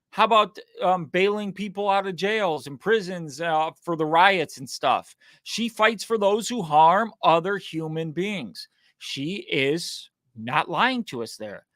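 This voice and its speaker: A man's voice: sits high, fairly bright tone, no echo, clean studio sound. A man hosting a casual political commentary show, mocking and sarcastic as he reacts to clips.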